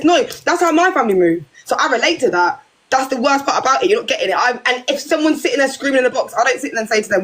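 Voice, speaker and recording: A young British woman in a heated livestream argument, pouring out rapid, emphatic words. Her voice sits fairly high and races along. She keeps pressing her point without pause. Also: animated, fairly bright tone. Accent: British English. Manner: passionate, fast, emphatic. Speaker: livestream guest.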